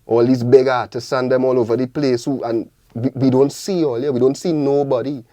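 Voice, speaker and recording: A man's voice: mid-range voice, steady tone, brisk, dark tone, no room sound. A young man with a Trinidadian accent, speaking passionately and repeating his points in a radio studio interview. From Trinidad and Tobago. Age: young adult. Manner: passionate, preachy, repetitive rallying calls. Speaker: guest artist.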